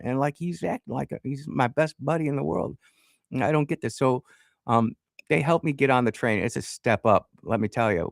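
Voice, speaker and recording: A man's voice: medium pitch, a little fast, gravelly, no echo, studio quality. A man telling a rambling personal story on a radio show, often restarting mid-sentence and chuckling. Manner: rambling, self-interrupting, chuckles. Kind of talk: casual storytelling. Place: radio studio.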